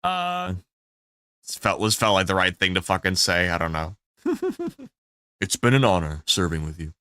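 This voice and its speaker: A man's voice: deep voice, huge pitch swings, unhurried, sharp tone, no echo. A man streaming a game, chatting casually with his viewers in a loose, profane way, full of ums and restarts. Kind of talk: casual live-stream chat.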